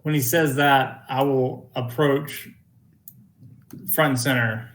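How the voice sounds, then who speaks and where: A man's voice: medium pitch, steady tone, slow, a little hiss or hum. A man playing a tabletop game, casual and teasing toward the other players.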